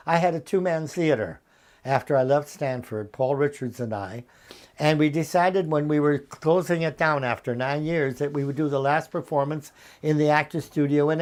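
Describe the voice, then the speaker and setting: A man in his eighties, a veteran actor as an interview guest, telling anecdotes in a lively, chuckling way over a video call from his home. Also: on the high side. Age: 80s. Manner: lively raconteur, often chuckling. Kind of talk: anecdotal storytelling.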